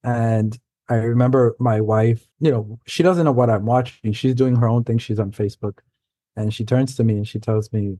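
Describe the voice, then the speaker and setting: A man from New York City, a guest author, telling stories in a halting, loose, casual way. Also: mid-range voice, fairly even intonation, dark tone, no echo. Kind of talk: casual conversation.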